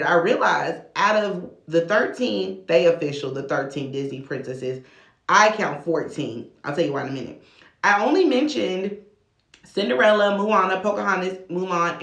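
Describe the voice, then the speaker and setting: A woman talking casually to camera as a video blogger, chatty and relaxed, with casual slang. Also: lowish voice. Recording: echoey room.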